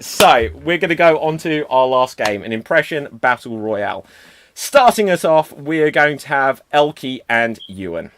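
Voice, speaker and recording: A man hosting a streamed improv show, announcing games and reading comments. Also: medium pitch. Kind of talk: livestream hosting.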